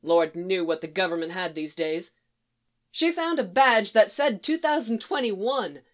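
Woman calmly narrating a story. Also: mid-range voice, measured pace. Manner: calm storytelling reading with quoted dialogue.

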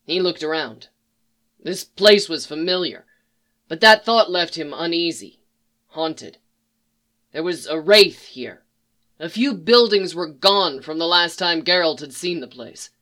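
A reader narrating a dark fan fiction story in a measured, solemn way. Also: mid-range voice, lively intonation.

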